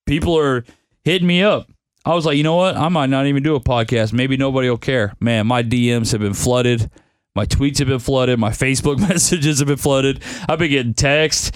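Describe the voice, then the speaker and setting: A man's voice: medium pitch, normal speed, no echo. A young man hosting a casual sports-betting podcast, laid-back and grumbling that he is tired. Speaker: podcast host picking football bets.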